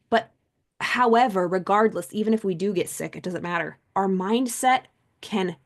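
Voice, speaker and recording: A middle-aged woman host and mindset coach talking casually on a live stream, animated and chatty. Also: mid-range voice, creaky. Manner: animated, chatty, acts out quoted people.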